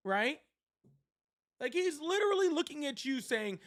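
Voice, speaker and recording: Seated at home, a man hosts a political livestream, his voice very high-pitched, very animated and a bit bright at a moderate pace. His casual stream talk rambles, sardonic and profane.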